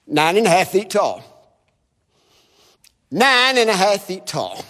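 At a chapel service, a visiting preacher delivers an animated sermon in a high, lively voice that swoops up and down. He speaks slowly and leads the congregation in repeating his phrases. His words ring through the hall with a long echo.

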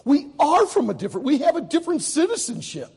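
A man preaching a sermon to high school students, telling a story with lively acted voices. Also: quick pace, creaky, big-room sound. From United States. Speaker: Baptist preacher.

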